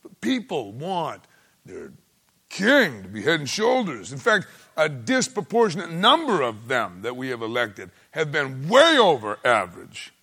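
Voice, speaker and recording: A man preaching a sermon in a folksy way, swinging between loud exclaiming and hushed asides. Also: a little high, huge pitch swings, measured pace, husky. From United States.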